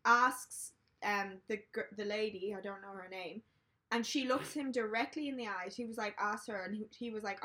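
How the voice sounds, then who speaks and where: A woman's voice: medium pitch, moderate pace, bright, forceful tone. A young woman, a podcast co-host who rambles and searches for words in casual chat.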